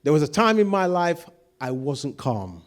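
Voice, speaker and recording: A man's voice: a little high, very animated, unhurried. A man preaching a sermon, acting out quoted voices and putting questions to the congregation. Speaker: pastor.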